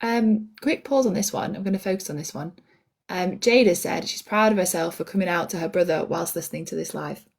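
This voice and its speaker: A woman's voice: lowish voice, a little fast, gravelly. A young woman co-hosting a live podcast stream, reading out listener comments in a giggly, easily amused way. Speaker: podcast co-host. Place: indoors at a shared table.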